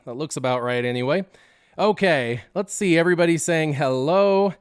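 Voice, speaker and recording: A young man chats on a live stream, telling a story and acting out the voices. His voice sits a little high and sounds smooth and clear. The recording is dry and close. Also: normal speed, no echo. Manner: animated storyteller who acts out scenes and laughs often.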